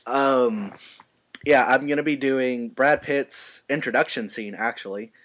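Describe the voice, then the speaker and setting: A man's voice: mid-range voice, unhurried, fairly bright tone. Hesitant male podcast host. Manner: hesitant, lots of ums before segments. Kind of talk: casual podcast chat.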